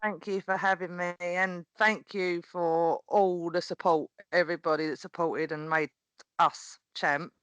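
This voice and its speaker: Bright-voiced woman telling stories. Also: lowish voice, measured pace, smooth, no room sound, rough recording. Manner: animated, laughs often, acts out quoted voices. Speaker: podcast guest, wrestling promo performer. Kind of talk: casual storytelling chat.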